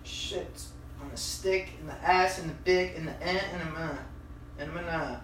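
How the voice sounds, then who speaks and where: A young man hosting a podcast from home, rambling casually and cursing, with sudden loud outbursts. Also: a little high, normal speed. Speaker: podcast host. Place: at home, in his room and kitchen. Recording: echoey room with background noise.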